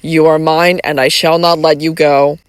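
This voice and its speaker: A man's voice: on the high side, flat delivery, moderate pace, clean tone, dry recording, natural voice. An audiobook reader voicing a passionate, lovesick young man who speaks desperately and pleadingly. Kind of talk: audiobook reading.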